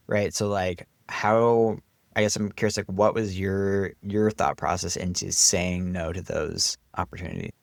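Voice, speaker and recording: A man's voice: low-pitched, steady tone, measured pace, gravelly, no echo, clean studio sound. A man hosting an interview, asking hesitant, thoughtful questions full of fillers. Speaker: interview host.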